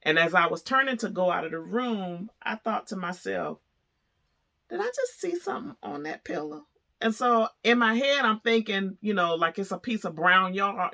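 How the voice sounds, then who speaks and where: A woman vlogger telling a story to camera, chatty and animated, laughing as she goes. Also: lowish voice.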